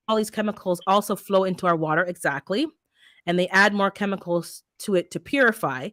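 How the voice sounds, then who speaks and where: A woman hosting a gardening channel, chatting casually and telling a story with animated, heated energy. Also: medium pitch, a little fast, no echo, studio quality. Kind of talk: casual chat.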